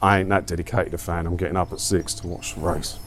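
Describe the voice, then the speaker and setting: A very low-pitched man chatting casually to camera as he walks uphill outdoors. His talk rambles from one thing to the next, loose and self-mocking, with faint outdoor noise behind him. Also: flat delivery, fast talker, fairly bright tone. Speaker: vlogger. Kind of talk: casual walking vlog chat. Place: outdoors, walking up a hill.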